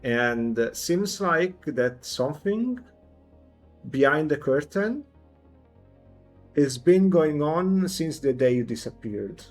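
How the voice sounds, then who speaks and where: A man voicing a wary leader who confides his suspicions slowly in a low voice. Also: expressive, a little mellow, faint music behind. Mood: uneasy.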